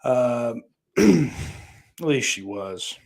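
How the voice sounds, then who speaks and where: A man of middle pitch hosts a casual podcast stream from a home setup. He rambles and swears freely, and drifts between sarcastic asides and offhand reactions to the chat. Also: animated, very slow, creaky, a little mellow. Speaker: podcast host reading live chat.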